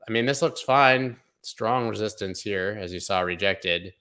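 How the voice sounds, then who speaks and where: A crypto market analyst hosts a casual livestream, rambling through trading charts, thinking aloud, and cracking offhand jokes. His voice is slightly low yet bright and pushy, every remark punchy, and he speaks at an unhurried pace.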